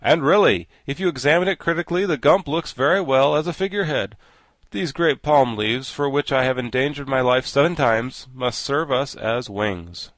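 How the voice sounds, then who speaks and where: A man reading a steady, practical tin man. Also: mid-range voice, no room sound, natural voice. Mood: explaining. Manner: matter-of-fact, measured.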